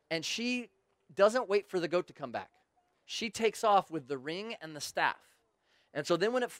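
A man's voice: fairly high pitch, a bit bright, no room sound. A man preaching a sermon, retelling stories casually with joking asides to the crowd.

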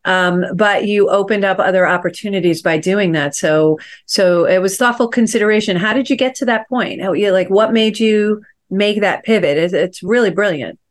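A woman's voice: medium pitch, normal speed, few pauses. A woman hosting a coaching chat, encouraging and guiding listeners through exercises. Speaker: host and success coach.

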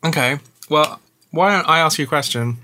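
A woman co-hosting a podcast in casual chat, animated and giggly. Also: deep voice, slight background noise. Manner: animated, giggly, quick asides. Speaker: podcast co-host.

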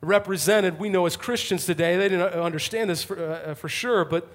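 A male pastor delivering an impassioned sermon to a congregation, swinging from fervent calls to hushed intensity. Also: high-pitched, fairly quick. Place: church, before a congregation.

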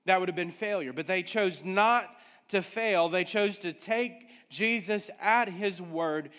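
A man preaches a sermon, pressing his points and circling back to the same refrain again and again. His voice sits fairly high for a man. The sound rings out with a long hall reverb. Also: measured pace, pushed and bright. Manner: emphatic preaching with repeated refrains. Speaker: pastor.

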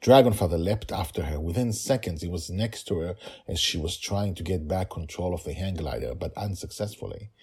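Hurried, husky-voiced male storyteller. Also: low-pitched. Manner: hurried, animated, chatty. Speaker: author reading his own story podcast. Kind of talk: storybook narration with casual asides.

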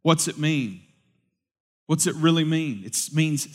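Animated male pastor preaching. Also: on the high side, a little slow, pauses often. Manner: conversational preaching, animated swings from loud to hushed. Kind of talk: sermon.

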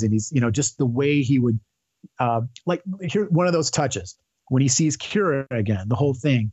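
A man's voice: mid-range voice, a little mellow, no room sound, dull audio. A man talking as a podcast guest, rambling and enthusiastic with many fillers and restarts. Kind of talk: casual chat.

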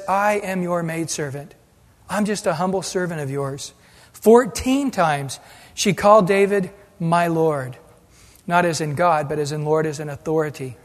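A man preaching a sermon as pastor, animated and acting out the voices he quotes. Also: sits high. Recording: long hall reverb.

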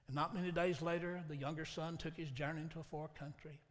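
A man's voice: a little high, steady tone, quick pace. A man preaching a sermon, telling a folksy, dramatic story and acting out the quotes himself. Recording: long hall reverb.

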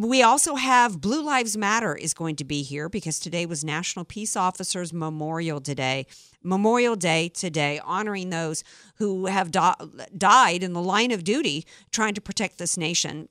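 A woman's voice: mid-range voice, fairly bright tone, dry recording, clean studio sound. A woman hosting a political talk radio show, chatty and opinionated. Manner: opinionated, chatty, reads statements aloud.

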